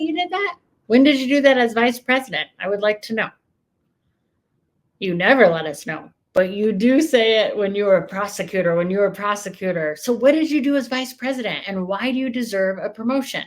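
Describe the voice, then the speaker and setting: Sarcastic woman commentator. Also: mid-range voice. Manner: sarcastic, increasingly heated. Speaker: political commentator reacting to clips. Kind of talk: casual reaction commentary.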